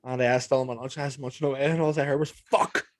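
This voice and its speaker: A man's voice: medium pitch, little pitch movement, racing, no room sound. A young man with a Northern Irish accent hosting a podcast, telling stories with plenty of swearing and acted-out quotes. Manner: swearing, acts out quotes in anecdotes. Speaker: podcast host. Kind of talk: casual chat.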